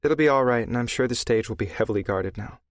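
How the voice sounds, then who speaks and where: A man's voice: mid-range voice, fast, no room sound, studio quality, pitched above the performer's own voice, natural voice. A man voicing a tough, blunt young woman. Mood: steady. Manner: blunt, clipped, swears when angry. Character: young adult woman, hurt but tough singer.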